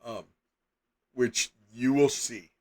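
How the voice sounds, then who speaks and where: A middle-aged man talks to his players as a game master. He rambles casually with many fillers, then bursts into emphatic asides. His voice sits at an ordinary male pitch. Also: steady tone, takes it slowly. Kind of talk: casual chat on a live stream.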